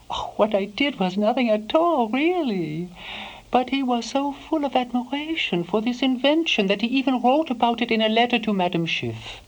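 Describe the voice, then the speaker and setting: A woman playing a slow, soft-spoken devoted housekeeper. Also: mid-range voice, poor audio. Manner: soft-spoken, slips into hushed whispers. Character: devoted elderly housekeeper recalling her employer. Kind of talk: first-person memoir monologue.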